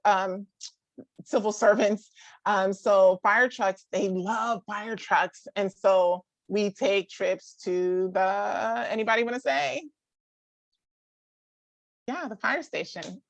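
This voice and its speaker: The recording is dry and muffled, carrying a medium-pitched woman's voice. She's in her thirties, casually addressing a live group on parenting, often saying "like," restarting her sentences, laughing frequently and imitating other people.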